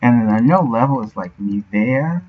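Thinking aloud as he works on a game for his stream, this man mutters and sounds out words under his breath. His lowish, slightly rough voice is expressive and slow. The recording quality is dull and lo-fi.

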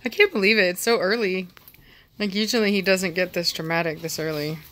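A woman at home talking to her dogs and the camera, switching between soft baby talk, firm commands and easy laughter. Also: fairly low pitch, fairly even intonation, brisk. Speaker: dog breeder filming her dogs. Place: home, indoors.

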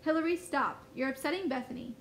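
A woman teacher reading aloud as a weary father who speaks in a hushed, soothing way. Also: sits high, brisk, slight background noise, natural voice.

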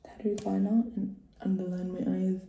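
A woman's voice: mid-range voice, level tone, normal speed, gravelly, noisy background. A woman chatting casually through a makeup tutorial at home, joking and often dropping to a whisper. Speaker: beauty vlogger. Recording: echoey room.

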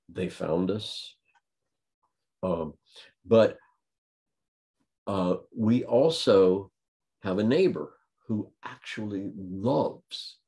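A man giving a talk, telling a funny story with deadpan delivery. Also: sits low, vocal fry. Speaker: guest speaker. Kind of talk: humorous anecdote at a talk.

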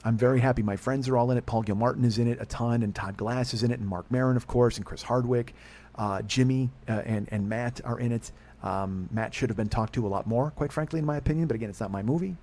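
A middle-aged man hosting a podcast, telling a rambling, profane story with excitement and acting out the dialogue. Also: medium pitch, fast. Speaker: podcast host. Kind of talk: casual monologue storytelling.

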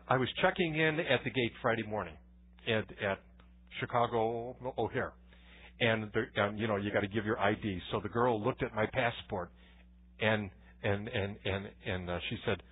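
Husky preaching man on tinny audio. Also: on the low side. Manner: conversational preaching with anecdotes and frequent restarts. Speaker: pastor. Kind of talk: sermon. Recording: tinny phone-like church recording.

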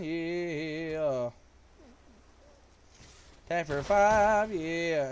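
A man's voice: on the high side, moderate pace, a little hiss or hum. A man giving casual live gameplay commentary, joking with viewers and calling out their names. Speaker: live streamer.

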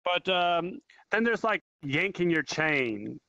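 A man's voice: a little high, sing-song, slow pace, gravelly, pushed and bright, no echo. A man giving his casual personal opinion in a panel discussion, recorded on a dull lo-fi mic.

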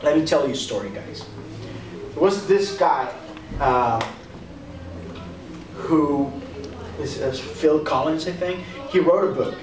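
A young man with a Texan accent giving an animated, conversational youth sermon and acting out quotes. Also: a little high, takes it slowly, pauses often, recorded from a distance, a crowd in the background. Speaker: youth pastor. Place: church hall. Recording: echoey hall, speaker off-mic. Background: audience answering now and then.

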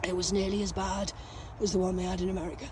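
Hoarse lady ranting into her phone outside by some graves, swears a lot, jumps topic to topic, coughs. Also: on the low side, level tone, fast talker, background noise. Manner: profane, agitated and loud, veering off topic. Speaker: vlogger. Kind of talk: rambling monologue to camera.

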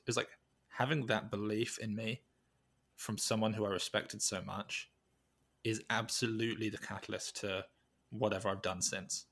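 A man with a low voice talks reflectively in a podcast interview. He speaks haltingly, circling back and restarting his sentences as he works through his thoughts. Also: little pitch movement, fairly bright tone. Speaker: podcast guest, weightlifting coach.

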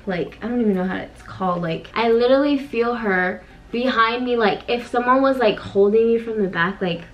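A woman's voice: on the high side, muffled recording. A young woman casually telling a vivid story to camera, with lots of fillers, as co-host of a couple's channel. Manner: animated, many fillers, dramatic retelling.

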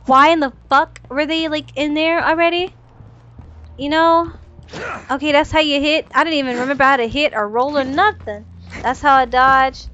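Woman streamer, high voice, loose and profane, slightly worn, lo-fi mic. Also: fairly bright tone, slight background noise. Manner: chatty, swears freely, thinks aloud. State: losing her voice. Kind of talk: casual gaming stream chat. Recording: dull, lo-fi stream audio.

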